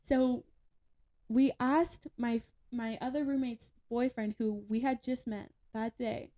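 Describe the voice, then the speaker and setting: A woman's voice: fairly high pitch, steady tone, slow, warm tone. A young woman telling a story as a podcast guest in a casual, chatty way, with lots of fillers and laughter. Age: young adult.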